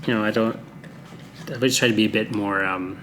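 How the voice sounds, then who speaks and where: A man's voice: lowish voice, steady tone, fairly quick, a bit bright, slight background noise. Hesitant, rambling middle-aged man. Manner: rambling, hesitant, laughs often. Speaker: podcast host. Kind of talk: casual chat.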